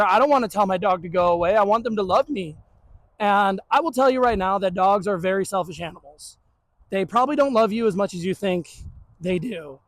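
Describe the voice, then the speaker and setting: A man's voice: high voice, rough recording. A man who trains dogs, explaining in a blunt, joking, casual way. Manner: blunt and joking, puts on the dog's voice. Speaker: dog trainer. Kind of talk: casual teaching talk.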